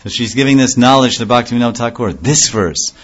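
A man's voice: medium pitch, expressive, quick pace, husky, dull audio. A man giving a devotional lecture in a conversational way, asking rhetorical questions and answering them himself. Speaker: religious speaker.

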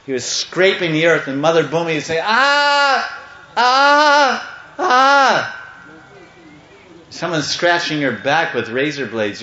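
Animated man telling a devotional story. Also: medium pitch. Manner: animated, chanting, playful. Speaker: devotional speaker. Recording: echoey, slightly muffled room.

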